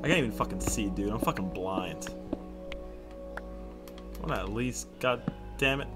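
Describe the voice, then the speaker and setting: A young man doing casual Minecraft let's play commentary, excitable and swearing often, with sudden loud outbursts. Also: fairly low pitch, moderate pace, over loud music. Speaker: gaming YouTuber.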